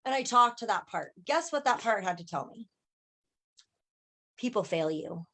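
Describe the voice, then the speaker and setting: A woman coach and healer in an animated, casual group chat on a video call, often checking in with her listeners as she tells stories. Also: on the high side, a little fast. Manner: animated storyteller, often asks "right?" and acts out quoted voices.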